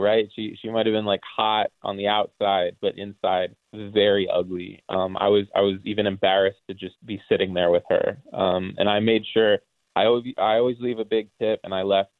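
A man calling in to a radio chat, talking haltingly with many ums and restarts. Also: lowish voice, gravelly, no room sound. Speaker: caller. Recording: tinny phone line.

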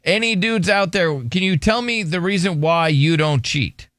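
A man's voice: high-pitched, moderate pace, fairly bright tone, no echo. Joking male radio host, dry studio sound. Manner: joking, teasing, prompts co-host with questions. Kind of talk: casual morning radio banter.

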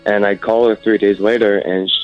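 A man's voice: on the low side, level tone, a little fast, soft background music. A man calling in to a radio show, telling his story in a hesitant, rambling way with lots of fillers. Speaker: caller. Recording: dull phone line.

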